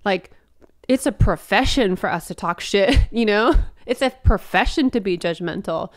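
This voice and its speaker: A woman comedian in casual podcast chat, swearing freely and acting out quotes in high, animated bursts. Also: normal speed. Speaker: comedian guest.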